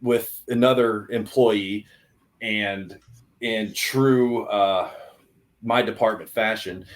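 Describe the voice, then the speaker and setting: A young adult man telling a hunting story on a podcast in an excited, animated way, with many restarts. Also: lowish voice, takes it slowly. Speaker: podcast guest. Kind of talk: casual storytelling.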